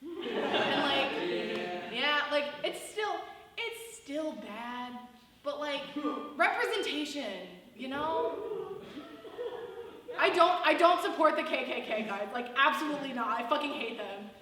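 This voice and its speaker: A woman's voice: high-pitched, lively intonation, measured pace, pauses often, pushed and bright, a little hiss or hum. A young woman doing a rambling stand-up set, heavy on filler words. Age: young adult. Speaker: stand-up comedian. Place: student comedy show in a hall. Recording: distant, echoey hall recording.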